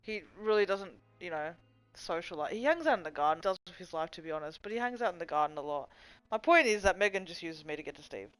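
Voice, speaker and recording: A woman's voice: lowish voice, expressive, fast, a bit bright, no echo, faint music behind, low-quality recording. A young woman hosting a livestream, rambling casually, swearing freely, goofing around and reading chat messages aloud. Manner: chatty, profane, goofy, reads chat aloud. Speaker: livestream host.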